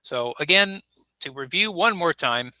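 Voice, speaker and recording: A man's voice: on the high side, animated, unhurried, bright, forceful tone, dry recording, low-quality recording. A man teaching an online English class, patiently repeating words and modeling pronunciation on a video call. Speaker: ESL teacher. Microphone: computer mic on a video call.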